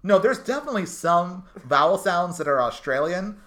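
A podcast co-host in casual chat, animated and breaking into high laughs. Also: moderate pace.

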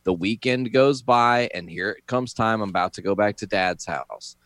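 A man's voice: moderate pace, a bit bright. A man in casual chat, telling a school story, swearing freely and acting out the people in it. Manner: swears freely, acts out panicked high-pitched quotes.

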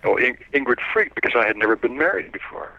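A man's voice: mid-range voice, quick pace, vocal fry, dry recording, phone-quality sound. An older man, telling stories as a retired editor in a chatty, anecdotal way with frequent chuckles. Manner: chatty anecdotal, with lively quoted voices and chuckles. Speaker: interviewee, retired trade editor. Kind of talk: casual storytelling.

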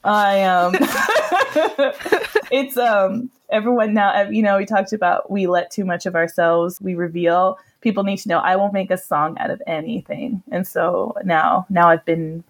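A young woman from New Mexico co-hosting a relaxed podcast. She talks chattily, laughs often and fills gaps with likes and ums. Her voice sits at an ordinary middle pitch. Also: unhurried. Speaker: podcast co-host. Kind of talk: casual chat.

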